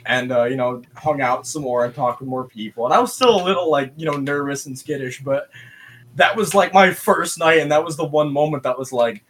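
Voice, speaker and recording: Bright, animated storyteller man. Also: medium pitch, fairly quick. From West Michigan, US. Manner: animated, profane, acts out quoted voices. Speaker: podcast guest. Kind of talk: casual storytelling.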